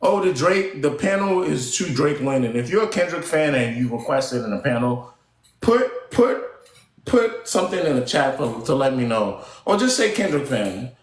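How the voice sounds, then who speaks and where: Animated young man hosting a live stream. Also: mid-range voice, moderate pace, roomy sound. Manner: animated, playfully exasperated, banters with the panel. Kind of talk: casual live-stream chat. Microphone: computer mic at a desk.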